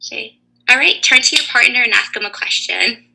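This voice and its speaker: Gravelly bright-voiced woman teaching kids. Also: a little high, low-quality recording. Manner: encouraging, slow and clear questioning. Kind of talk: online lesson for young children. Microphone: video call.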